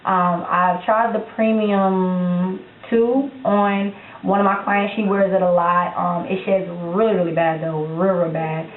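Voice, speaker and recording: A woman's voice: medium pitch, fairly even intonation, a little slow. A young Florida woman with a Florida accent talks straight to her viewers in a loose, sassy Q&A vlog, blunt and unbothered. Her mid-range voice comes through thin and phone-like. The room around her is echoey, with a faint hiss underneath. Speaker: vlogger. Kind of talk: casual Q&A vlog. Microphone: handheld camera.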